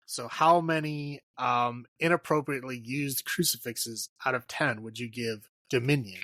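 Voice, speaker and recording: A man's voice: mid-range voice, normal speed, pushed and bright, no room sound. A man co-hosting a podcast, chatting loosely about a film, swearing and laughing often. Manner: loose and profane, laughs often, many "like" fillers. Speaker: podcast co-host. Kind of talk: casual movie review chat.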